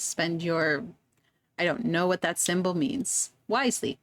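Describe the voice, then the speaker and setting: A woman's voice: on the low side, a little slow, dry recording. A woman streamer chatting casually and giggling as she plays a game, reading its text aloud. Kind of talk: casual gameplay commentary.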